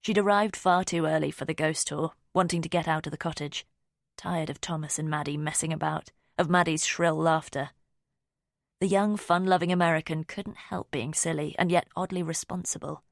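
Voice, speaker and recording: Female audiobook narrator; low and measured, dry. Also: fairly even intonation, gravelly, no room sound.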